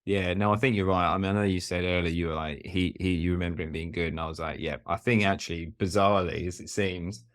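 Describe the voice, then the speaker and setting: Easygoing low-voiced man chatting. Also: steady tone, fast talker, hardly any pauses, no room sound, clean studio sound. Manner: easygoing, chuckling, frequent agreeing. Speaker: podcast co-host. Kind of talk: casual film chat.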